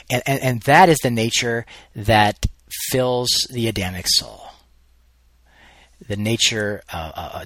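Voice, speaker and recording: A man's voice: on the low side, a bit bright, dry recording. Conversational male Bible teacher, dry sound. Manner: conversational, thinking aloud with frequent restarts.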